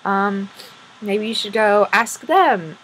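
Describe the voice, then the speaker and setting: A woman's voice: mid-range voice, lively intonation, takes it slowly, fairly bright tone, slightly rough, full character voice, low-quality recording. A woman voicing a blunt, exasperated zombie fairy with no eyes and rotting flesh, in a casual storytelling vlog.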